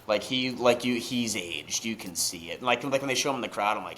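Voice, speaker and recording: A young man co-hosting a podcast in casual chat, excitable and swearing freely, rambling through restarts. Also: on the low side, fairly quick, hardly any pauses, a little hiss or hum. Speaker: podcast co-host.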